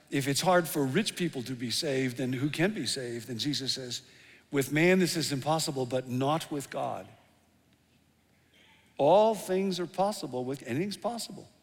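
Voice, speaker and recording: A middle-aged male pastor preaching a sermon, telling stories with lively emphasis that drops to hushed tones. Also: fairly high pitch. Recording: long hall reverb.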